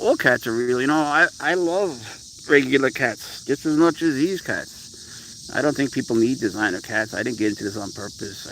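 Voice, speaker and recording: A man's voice: medium pitch, fairly bright tone, a little hiss or hum, poor audio. A man chatting casually on a live pet stream, rambling about his cat and answering viewers, his voice rising into baby-talk when he speaks to the cat.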